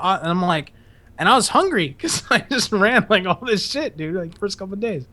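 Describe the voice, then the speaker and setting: A young man tells a story on a podcast in a loose, profane way. His voice sits a touch high. He laughs often and barks out shouted quotes as he goes. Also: lively intonation, a little fast. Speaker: podcast host. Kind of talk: casual storytelling.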